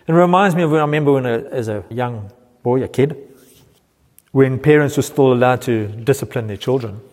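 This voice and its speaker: A man's voice: mid-range voice, a little fast, a little mellow. A middle-aged man preaching a sermon as pastor, earnestly explaining and quoting scripture. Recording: reverberant church hall.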